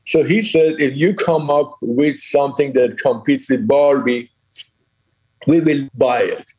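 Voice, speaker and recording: A man's voice: mid-range voice, measured pace, a little mellow, husky, rough recording. An older man, a company founder, telling business stories in an interview, acting out quoted dialogue with frequent laughs. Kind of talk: storytelling in a conversational interview.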